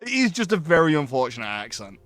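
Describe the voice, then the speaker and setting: Rambling streamer, bright, forceful tone, faint music behind. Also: male voice, on the high side, big pitch swings, fast, dry recording. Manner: rambling, full of ums and asides. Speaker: game streamer. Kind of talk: casual chat while playing a game.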